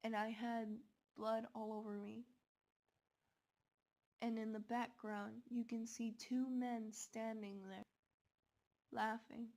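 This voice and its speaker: A woman telling a scary story in the first person, with slow, dramatic delivery. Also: on the high side, level tone, darkish tone.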